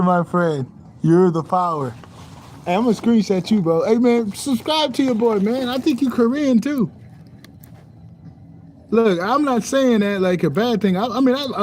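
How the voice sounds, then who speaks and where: A man's voice: sits high, darkish tone, a little hiss or hum. A young man in a casual spiritual rant as a streamer, preachy and repetitive, saying "bro" constantly.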